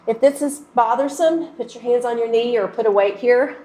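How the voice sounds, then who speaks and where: A woman's voice: a little high, normal speed, mellow, echoey room. A woman fitness instructor guiding a workout and stretch, coaching and encouraging as she goes. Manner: encouraging, coaching through moves.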